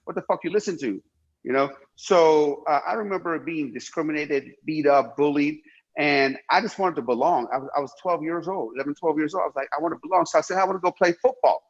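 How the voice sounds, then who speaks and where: A man's voice: on the high side, a little fast, muffled recording. A middle-aged man from Iran telling his life story emphatically in an interview, repeating himself and swearing freely. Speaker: guest.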